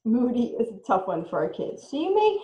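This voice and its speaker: A woman teacher talking parents through how to model feelings for their kids, often switching into a bright sing-song voice to act out examples. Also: a little high, huge pitch swings, a little fast, reverberant, muffled recording. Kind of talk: instructional talk to parents.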